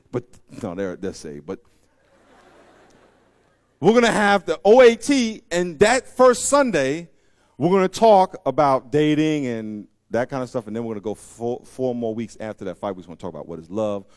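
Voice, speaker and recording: A man preaching a sermon as pastor, emphatic and repeating phrases, swinging between loud preaching and quiet asides. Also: medium pitch, no room sound.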